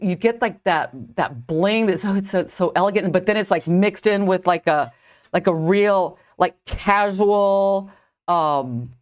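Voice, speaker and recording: A middle-aged woman, a jewelry designer, rambling in casual chat with viewers on a live stream while she knots a bracelet, saying "like" constantly. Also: fairly low pitch. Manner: rambling, heavy use of "like".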